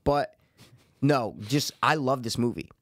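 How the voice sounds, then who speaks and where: A young man in loose podcast banter, excitable and swearing often. He keeps breaking into playful impressions. The sound is dry and close, with no room echo. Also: medium pitch, a little slow. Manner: excitable, swears a lot, mimics voices. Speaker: podcast co-host. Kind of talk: casual chat.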